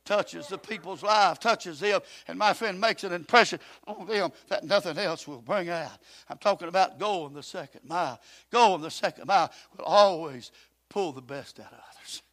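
Older preacher, high bright voice, impassioned, moves from quiet to shouting. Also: male voice, normal speed, no echo. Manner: impassioned, swings from soft talk to shouting. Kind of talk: sermon.

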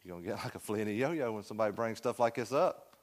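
A man's voice: on the low side, animated, fast. A man teaching a Sunday school Bible class, asking the room questions and joking with his students in a folksy way. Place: church classroom.

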